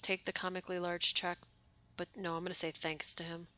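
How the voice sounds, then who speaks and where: Woman streamer, low-pitched and bright, reads the narration aloud and reacts casually. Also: level tone, a little fast. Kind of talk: reading game text aloud while playing. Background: game music.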